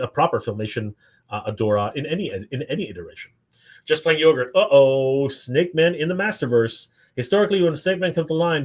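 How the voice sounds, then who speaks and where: An upbeat Canadian man hosts a live stream, reading out viewer comments with a medium-pitched voice. He talks casually, with plenty of fillers and quick reactions. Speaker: livestream host.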